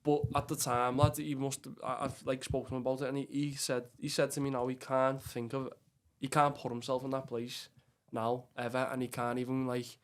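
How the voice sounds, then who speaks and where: A Scouse man from Bootle, Liverpool, guests on a casual podcast, speaking bluntly, swearing often and calling people lad. His mid-range voice stays level and a little fast, with slight background noise.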